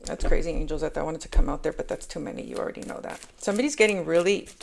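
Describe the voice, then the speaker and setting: A woman's voice: sits low, racing, creaky, slight background noise. A woman giving a casual tarot reading, talking chattily and calling her viewers angels. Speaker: tarot reader.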